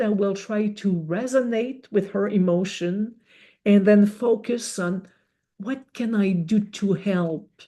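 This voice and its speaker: Woman, webinar educator; slow, mellow, methodical. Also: mid-range voice. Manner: slow, measured explaining with rhetorical examples. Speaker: webinar speaker. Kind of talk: educational talk.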